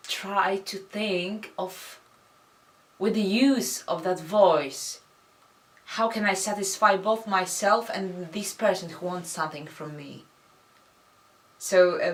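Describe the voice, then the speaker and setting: A woman who works as a vocal artist, answering interview questions hesitantly, searching for words. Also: fairly low pitch.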